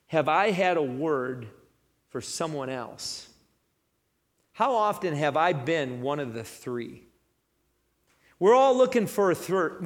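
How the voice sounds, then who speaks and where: A man preaching a sermon in a conversational, animated manner, acting out the story as he tells it. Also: on the high side, long reverb tail.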